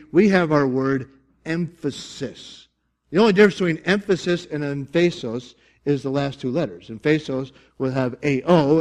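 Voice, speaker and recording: A man preaching a sermon to his congregation, animated, with emphatic bursts and jokey asides. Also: medium pitch. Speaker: pastor.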